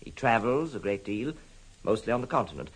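An actor playing an anxious, formal gentleman worried about his look-alike cousin, in an old radio drama. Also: on the low side, big pitch swings, a little fast, husky, low-quality recording. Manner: hesitant, earnest, formal. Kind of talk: 1950s radio drama acting.

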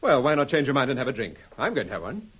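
A brisk, probing sleuth. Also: male voice, medium pitch, sing-song, fairly bright tone, slightly rough, exaggerated voice. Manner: brisk, questioning, assured. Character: calm, probing amateur detective husband. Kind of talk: 1950s radio drama acting.

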